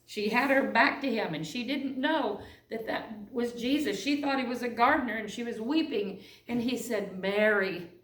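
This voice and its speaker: A woman's voice: fairly high pitch, moderate pace, few pauses, fairly bright tone, far from the mic. A woman preaching a sermon in a church and reading scripture aloud in an earnest way. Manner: earnest, reads scripture aloud in old-fashioned phrasing. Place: church sanctuary. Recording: echoey church room, voice off-mic at times.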